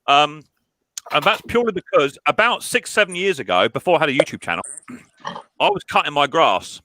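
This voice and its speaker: A man's voice: on the high side, animated, normal speed, sharp tone, no echo. A man hosting a live stream chat, telling a personal story with many restarts and repeated words. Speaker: mower repair channel host.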